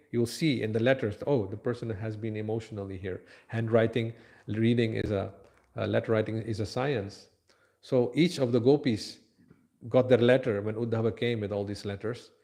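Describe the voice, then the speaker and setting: A man's voice: on the low side, fairly quick. Storytelling male temple lecturer. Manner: animated storyteller, mixes Sanskrit and Hindi verses into English.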